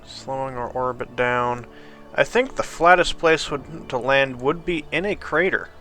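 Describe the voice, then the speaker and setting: A man's voice: medium pitch, unhurried, bright, forceful tone, soft background music. A sleepy man casually commenting on his gameplay, thinking aloud at a drifting pace. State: sleepy, yawning. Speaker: gameplay video host.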